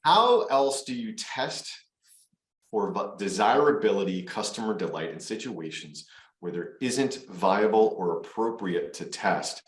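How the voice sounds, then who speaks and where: A man's voice: on the low side, lively intonation, measured pace. A man hosting an interview over a video call, talking casually and often restarting his phrases. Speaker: host, venture partner. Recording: echoey room.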